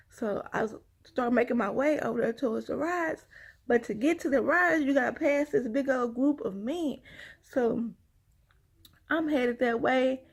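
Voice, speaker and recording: A woman vlogger with a somewhat high voice and measured pace tells her viewers a rambling personal story. She's chatty, sighs often, and keeps calling them y'all.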